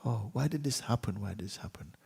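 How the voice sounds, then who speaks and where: A man's voice: lively intonation, fast, creaky, a little mellow, breathy edge, full character voice. A man voicing a plump, petulant king who wails and complains in pain. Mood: anguished. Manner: wailing, high-pitched complaints.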